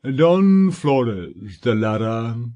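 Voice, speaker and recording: In an audiobook, a man plays a fat, pompous, scheming solicitor of middle age, drawing out his words in a sanctimonious manner. His pitch is medium and his intonation lively, with a mellow tone and the high frequencies cut off.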